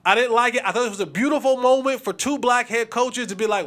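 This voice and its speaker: A man in his thirties hosts a sports podcast in an unusually high voice. He talks emphatically, hammering his points through repetition and casual street slang. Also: fast, a bit bright. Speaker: podcast host.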